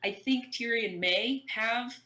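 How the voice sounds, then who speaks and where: A woman's voice: on the high side, takes it slowly, sharp tone. A woman co-hosting a casual fan podcast, recapping scenes eagerly and rambling on at length. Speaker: podcast co-host.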